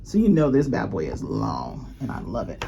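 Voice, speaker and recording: A woman's voice: a bass voice, huge pitch swings, normal speed, vocal fry, mellow, highs cut off, slight background noise. A woman chatting casually and rambling as she shows off her new jewelry, laughing often. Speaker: luxury unboxing vlogger. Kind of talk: casual show-and-tell chat.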